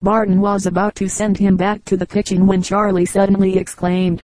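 Woman reading in a flat, mellow voice. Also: mid-range voice, moderate pace, no echo, poor audio. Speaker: audiobook reader. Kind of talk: scripted narration.

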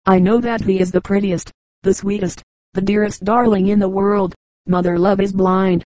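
A woman's voice: mid-range voice, flat delivery, moderate pace, dark tone, no room sound, natural voice, poor audio. Woman reading as a proud doting mother monkey. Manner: fond, defiant.

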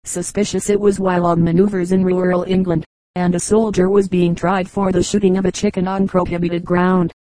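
Woman, audiobook reader, humorous anecdotes, mellow warm tone, dry close sound. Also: fairly low pitch, flat delivery, brisk, dry recording, low-quality recording. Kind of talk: reading humorous anecdotes aloud.

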